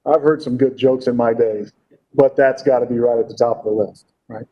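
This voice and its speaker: A man's voice: medium pitch, fairly even intonation, a little fast, muffled recording. A man preaching a Bible-teaching sermon. He reads scripture aloud, explains it, and asks his listeners frequent rhetorical questions. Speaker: pastor.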